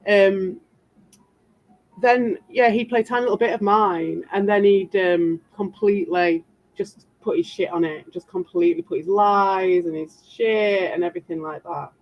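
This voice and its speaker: A woman's voice: mid-range voice, fairly even intonation, normal speed. Defensive, rambling British woman streamer. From Britain. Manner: defensive, rambling, sarcastic asides. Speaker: livestreamer answering chat. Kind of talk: casual livestream chat. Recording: dull lo-fi sound.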